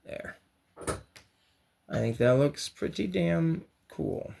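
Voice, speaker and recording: A man's voice: on the high side, expressive, slow, gravelly, mellow, a little hiss or hum. A man hosting a casual painting and crafts tutorial, chatty and encouraging, with joking slangy asides. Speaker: host of a toy and craft channel.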